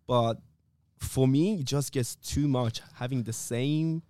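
Easygoing man, halting casual podcast chat. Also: mid-range voice, warm tone, no echo. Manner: easygoing, halting phrasing with restarts. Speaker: podcast co-host.

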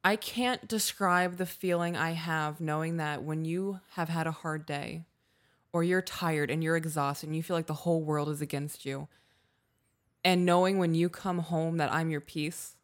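A woman in her thirties talks with a low voice in a casual podcast chat. She is heartfelt and openly emotional, close to tears, and swears freely as she speaks. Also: steady tone, normal speed. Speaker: podcast co-host.

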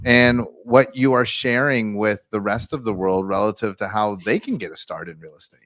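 A man's voice: fairly low pitch, normal speed, fairly bright tone, no room sound. A man co-hosting an interview, upbeat and steering the talk toward practical advice. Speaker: co-host. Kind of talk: interview chat.

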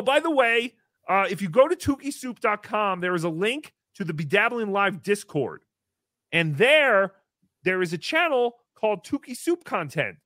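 A livestream show host plays a silly, self-pitying, nasal-voiced showman in a comedic character bit, speaking high and bright with melodrama and swinging pitch. He refers to himself in the third person, as if hosting his own sad little show, and the sound is dry and close with no echo.

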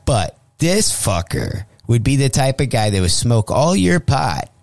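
A man's voice: mid-range voice, a little slow, creaky, no echo. A male comedian telling a profane comic story as a guest, acting out the voices he quotes. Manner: animated, acts out quoted voices. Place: radio studio.

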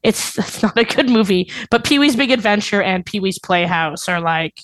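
A woman's voice: mid-range voice, lively intonation, normal speed, fairly bright tone, dry recording. A woman guesting on a podcast as a drag performer, talking in a rambling, chatty way full of fillers and giggles. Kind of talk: casual podcast chat.

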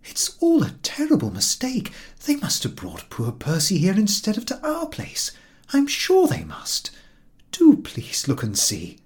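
A man's voice: high voice, very animated, normal speed, a little mellow, voice pushed up. A man voicing a frightened, tearful young wife who pleads anxiously in a storybook reading. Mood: pleading.

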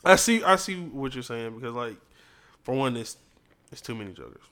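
A man's voice: medium pitch, expressive, a little fast, bright, forceful tone. Laid-back teasing man, casual chat. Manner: teasing, laid-back, calls others bro. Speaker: podcast co-host.

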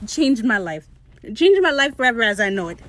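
Excitable teenage girl gushing about a show. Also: a little high, brisk, a little hiss or hum. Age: late teens. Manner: excitable, gushing, swears freely, laughs often. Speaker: TV show recap host. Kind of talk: casual TV episode recap.

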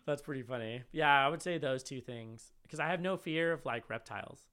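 A man talking in a casual, chatty way, drifting into stories and swearing freely. His voice is bright and forward, with a smooth, clean, resonant tone. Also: on the high side, very animated, normal speed. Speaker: podcast co-host and writer. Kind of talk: casual chat.

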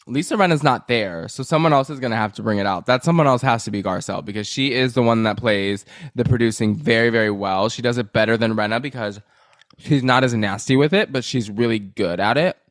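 Chatty gossiping podcast co-host, dry sound. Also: male voice, medium pitch, a little fast, no room sound. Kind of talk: casual chat.

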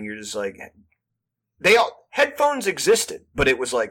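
Husky man telling rowdy school stories. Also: medium pitch, wildly swooping pitch, measured pace, a bit bright. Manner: rambling, profane, lots of "like" fillers, acts out quotes. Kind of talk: casual storytelling chat.

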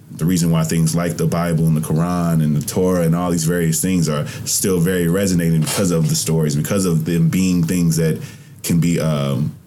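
Rumbling low and warm, a young podcast host talks into a mic, reflecting and rambling colloquially in a casual interview. A little hiss or hum can be heard in the recording.

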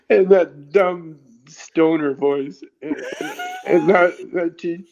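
A man's voice: a little high, creaky, a little mellow. A man telling stories as a podcast guest at home, laughing often as he talks. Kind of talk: casual storytelling. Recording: slightly dull lo-fi recording.

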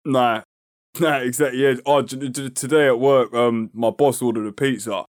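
A man's voice: mid-range voice, fairly even intonation, moderate pace, no echo, clean studio sound. A young man with a London accent co-hosting a podcast in casual, slangy banter, swearing freely and laughing often. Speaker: podcast co-host.

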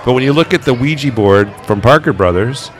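A man, a paranormal investigator, telling stories in a relaxed interview and acting out the quoted voices. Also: mid-range voice, a little fast. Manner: animated, acts out quoted voices. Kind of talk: conversational interview storytelling.

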